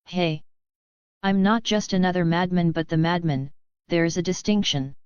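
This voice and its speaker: A cocky young adventurer who shrugs off danger with blunt wisecracks, read by a woman in her own lowish, smooth voice. The sound is dry and close, with a slightly dull, lo-fi edge. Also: steady tone, normal speed, no echo, lightly acted. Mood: joking. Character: brash reckless young male adventurer.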